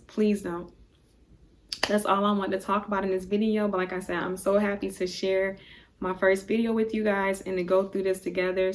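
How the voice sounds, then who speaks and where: Earnest woman giving a motivational vlog. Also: medium pitch. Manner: earnest, pleading, addresses viewers as guys; repetitive, emphatic phrasing. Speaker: vlogger.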